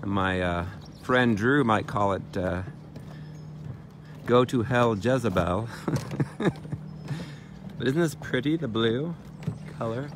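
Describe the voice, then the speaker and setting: A man giving a casual walking tour by a lake in a playful, chatty way, pausing often with "uh". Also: mid-range voice. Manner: playful, chatty, with frequent "uh" pauses. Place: outdoors by a lake. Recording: outdoor background noise.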